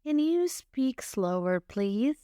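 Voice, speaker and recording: A woman teaching English, reading short everyday phrases one at a time with careful, deliberate enunciation and pauses between them. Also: on the high side, sing-song, dark tone, clear, resonant tone, dry recording, clean studio sound. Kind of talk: slow phrase-by-phrase reading for learners.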